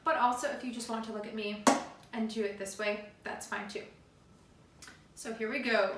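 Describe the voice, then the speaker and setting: A woman's voice: fairly high pitch, fairly even intonation, moderate pace, pauses often. Upbeat woman teaching a kids' music class. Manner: upbeat, encouraging, chants rhythms aloud. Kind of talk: remote music lesson for children. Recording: roomy, distant, noisy home video.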